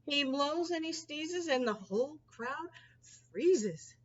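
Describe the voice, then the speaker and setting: Woman reading a picture book slowly. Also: high-pitched, a bit bright, lo-fi sound. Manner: slow, sing-song storytelling. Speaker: storybook reader. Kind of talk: picture book read-aloud.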